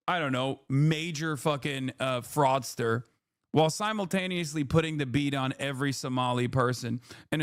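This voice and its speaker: A man's voice: on the high side, no room sound, clean studio sound. Sarcastic, profane male streamer. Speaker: political commentary streamer. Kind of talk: live-stream news commentary.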